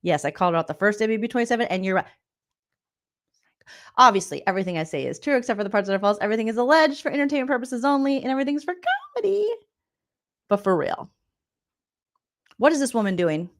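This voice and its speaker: Lady comedian ranting about reality tv, swears a lot, laughs, kinda high voice. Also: lively intonation, quick pace, long pauses. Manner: loud, profane, laughing and incredulous. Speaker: comedian and reality TV recap host. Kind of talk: comedic reaction rant.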